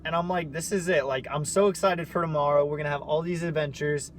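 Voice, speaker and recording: A man's voice: on the high side, fairly even intonation, quick pace, a little hiss or hum. A man co-hosting a casual chat, telling a story in a mock-emotional, self-mocking way. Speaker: co-host.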